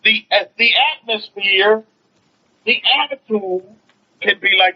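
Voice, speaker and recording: A man's voice: high-pitched, normal speed. A man, a rabbi, giving an informal online teaching to his followers. He talks in a preachy way, repeats his phrases, asks rhetorical questions and reads out viewer comments. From United States. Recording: dull lo-fi stream audio.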